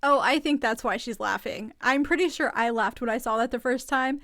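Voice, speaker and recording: A woman's voice: fairly high pitch, normal speed, a bit bright, dry recording, clean studio sound. A woman hosting a casual recap, chatty and opinionated with an amused edge. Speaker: podcast host recapping a reality show. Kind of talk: casual commentary.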